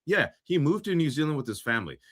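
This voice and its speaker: A man's voice: on the high side, big pitch swings, fast, fairly bright tone. A man co-hosting a political talk show, delivering impassioned, sarcastic commentary. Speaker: co-host.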